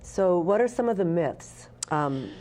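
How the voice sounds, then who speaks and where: A woman's voice: on the low side, lively intonation, measured pace, darkish tone. A woman hosting an interview, prompting her guest with short encouraging questions. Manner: brief encouraging backchannels. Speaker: host. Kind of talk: interview host.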